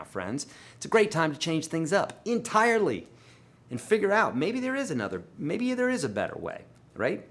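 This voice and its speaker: A man hosting a live guitar Q&A, answering viewer questions in a casual, emphatic way. He swings his loudness and pitch a lot and talks to viewers as friends.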